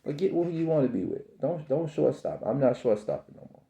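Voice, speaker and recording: A man in his fifties giving a slow, repetitive, preachy spiritual monologue about self-belief, often calling the listener baby. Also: fairly high pitch, expressive, creaky, mellow.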